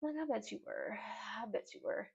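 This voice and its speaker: In a casual recap vlog with dull lo-fi audio, a Nashville, Tennessee, US woman who reviews reality TV on YouTube talks through an episode with sassy, playful remarks. Her medium-pitched voice swings hugely in pitch and is brisk, creaky, darkish and slightly breathy.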